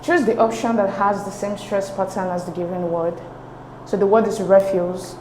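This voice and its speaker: As a tutor, a woman works through English exam questions step by step, patiently explaining and checking in with "okay?" Her mid-range voice is steady, a little mellow and moderately paced, recorded in an echoey room with faint noise.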